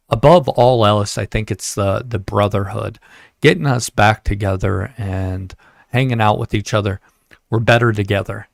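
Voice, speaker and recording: A man's voice: lowish voice, vocal fry, no room sound, studio quality. A man hosting a veterans interview podcast, speaking thoughtfully and sometimes stumbling over words. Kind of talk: reflective podcast conversation.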